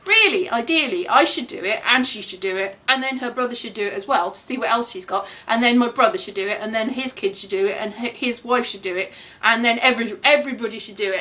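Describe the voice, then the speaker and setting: A woman's voice: on the high side, pushed and bright. A woman from Britain chatting casually to camera as a vlogger, rambling and playful. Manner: chatty, rambling, playful sing-song teasing.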